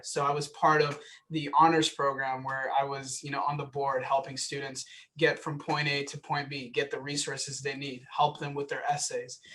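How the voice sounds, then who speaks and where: Young man with a flat, higher voice. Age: young adult. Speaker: student panelist. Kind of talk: panel advice.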